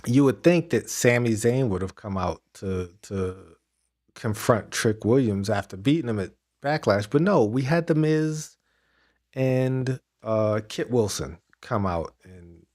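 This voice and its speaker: A man's voice: on the low side, darkish tone. A man co-hosting a podcast, chatting casually about wrestling with lots of restarts and fillers. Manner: rambling, many restarts and fillers. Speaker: podcast co-host.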